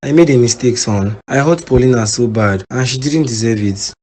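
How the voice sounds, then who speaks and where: A man's voice: medium pitch, normal speed, darkish tone, a little hiss or hum, natural voice. A man voicing an injured, regretful father. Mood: pleading. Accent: Nigerian. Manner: weak, pleading. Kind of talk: cartoon voice acting.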